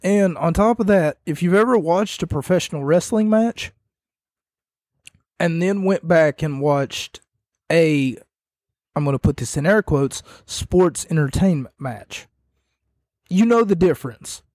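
A young man giving a rambling, casual wrestling recap that grows animated as he retells the scenes. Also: fairly high pitch, unhurried, no echo, studio quality. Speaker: wrestling commentator.

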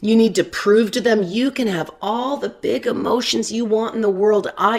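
A woman counselor talking casually to parents, chatty and repeating her words as she acts out soothing lines to a child. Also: mid-range voice. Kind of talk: workshop talk.

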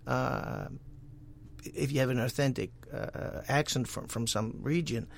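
A man's voice: mid-range voice, steady tone, measured pace, creaky, slight background noise. A man with a Dutch accent, a voice actor and guest talking casually in an interview, with many restarts and repeated words. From Netherlands.

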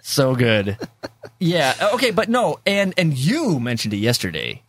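A man hosting a casual movie podcast talks in a lively, swinging voice that sits a little high. He rambles, repeats himself, uses plenty of fillers and laughs easily. The sound is dry and close. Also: a little slow, husky, no echo. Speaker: podcast host.

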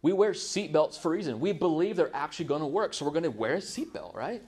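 A man's voice: fairly high pitch, sing-song, quick pace, a little mellow, breathy edge. A man preaching a conversational sermon to his congregation, often ending points with rhetorical questions. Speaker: pastor.

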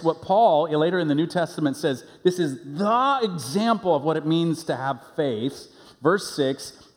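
A man's voice: on the high side, darkish tone. A middle-aged man preaching a sermon, telling the story with energy and acting out the voices he quotes. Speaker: pastor. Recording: long hall reverb.

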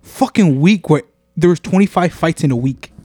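A man's voice: a little high, moderate pace, darkish tone. A young man co-hosting a podcast, telling an embarrassing school story in slangy, self-mocking chat. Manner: slangy, self-mocking, says bro a lot. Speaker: podcast co-host.

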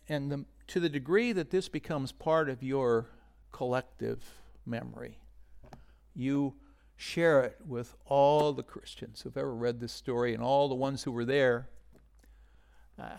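A male pastor giving a sermon in a conversational way, swinging from loud emphasis down to a near-whisper. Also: mid-range voice, gravelly.

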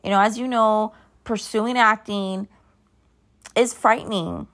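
A woman's voice: mid-range voice, steady tone, slow, a bit bright. A woman in her thirties hosting a podcast, chatting casually and sleepily, rambling and drifting off track. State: sleepy, yawning. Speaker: podcast host. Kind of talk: casual solo chat.

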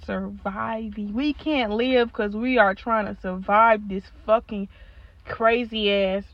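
A woman's voice: medium pitch, fairly even intonation, slow, no room sound, dull audio. Young woman venting, profane and blunt. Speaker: podcast host. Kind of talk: solo podcast rant.

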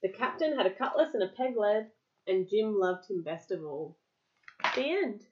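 A woman reading a picture book aloud to a child, lively, pausing to explain words and answer questions. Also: mid-range voice, highs cut off, a little hiss or hum.

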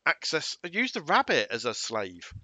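A man co-hosting a casual podcast, with wry humour and mock outrage. He often stammers into restarts. His voice is bright and his pitch swoops a lot, recorded dry and close. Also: wildly swooping pitch, normal speed, no echo. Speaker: podcast co-host. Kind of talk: casual chat.

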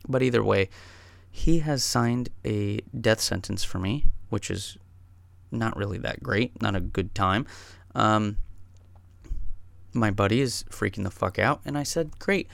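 A man telling a personal story in a casual, rambling way, swearing often and getting excited as he goes. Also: on the low side, unhurried, gravelly, pauses often, no echo.

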